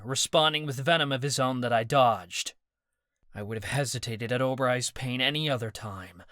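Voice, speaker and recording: A man narrates a fantasy audiobook in the first person with a steady, dramatic reading. His voice is bright and forward, and it sits in a middle pitch. The recording is dry and close, with no room sound. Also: no echo.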